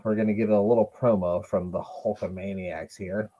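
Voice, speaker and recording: Joking wrestling podcast co-host, mellow man. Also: lowish voice, fairly even intonation, moderate pace, breathy edge. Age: adult, watched as a child in 1995. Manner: joking, swears casually, laughs often. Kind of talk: casual chat watching wrestling.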